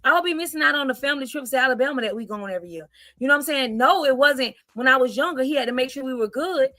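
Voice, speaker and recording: A woman's voice: high voice, expressive, racing, pushed and bright, dry recording, clean studio sound. A woman in her forties on a podcast, speaking in an earnest, encouraging way with a preachy lilt. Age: 40s. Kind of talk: podcast talk.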